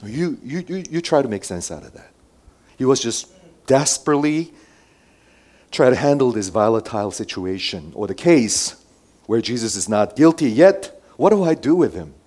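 A man preaching a sermon who moves between loud emphatic lines and quiet asides, and asks his listeners many rhetorical questions. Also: medium pitch, lively intonation, normal speed. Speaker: pastor.

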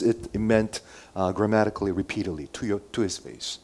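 A man's voice: lowish voice, brisk. Man preaching with big swings in volume. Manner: dramatic swings between loud emphasis and quiet asides; asks the listeners many rhetorical questions. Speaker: pastor. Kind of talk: sermon.

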